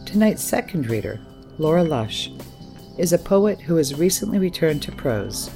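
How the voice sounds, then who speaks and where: A man's voice: fairly high pitch, sing-song, moderate pace, gravelly, warm tone, soft background music. A man hosting a reading series, giving formal, admiring introductions of the readers. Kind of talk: scripted introductions.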